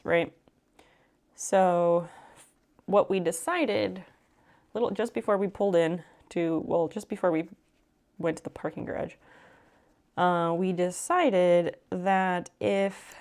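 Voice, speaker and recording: A chatty woman streamer telling a story in a relaxed live chat. Her voice sits fairly low and carries a gravelly fry. She talks with plenty of fillers and swears now and then. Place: home room while sewing on a live stream.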